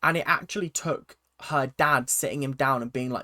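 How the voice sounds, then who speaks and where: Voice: mid-range voice, normal speed, few pauses, sharp tone, dry recording, clean studio sound. A speaker giving a casual, chatty recap of a reality TV episode and acting out quotes in silly voices. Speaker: reality TV reaction vlogger.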